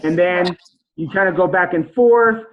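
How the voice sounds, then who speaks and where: A man's voice: sits high, unhurried, phone-quality sound, crowd noise. A man giving a casual, rambling coaching talk on sales calls, acting out example phone conversations. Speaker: sales trainer.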